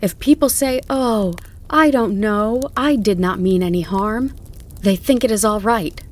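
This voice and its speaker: A woman reading the part of an earnest male groom in an audiobook, speaking slowly and softly, then loudly and indignantly. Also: lowish voice, natural voice. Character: kind earnest male groom, working man. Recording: faint crackling campfire behind.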